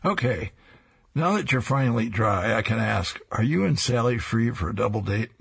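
A man's voice: medium pitch, lively intonation, normal speed, creaky, a bit bright, husky, full character voice. A man reading an eager office guy. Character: nervous office man planning double date.

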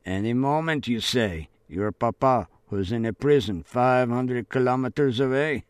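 A man's voice: medium pitch, a little slow, clear, resonant tone, no echo, natural voice. A man voicing a menacing German sergeant major who questions in a cold, insistent way.

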